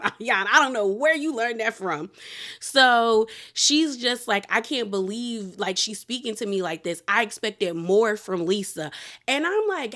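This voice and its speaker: A woman giving a casual, chatty recap of a reality show, acting out what the cast said in slangy quotes. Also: medium pitch. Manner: chatty, animated quoting with slang.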